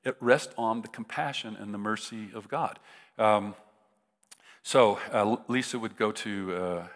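A man of about seventy, a preacher telling a personal story, halting and restarting, rising into emotional peaks. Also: on the low side. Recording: long reverb of a large hall.

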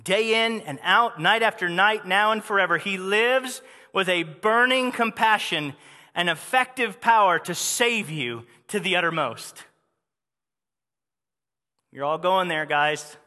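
High bright voiced guy preaching, fervent, repeats himself for emphasis, long hall echo. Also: unhurried. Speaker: pastor. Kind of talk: sermon.

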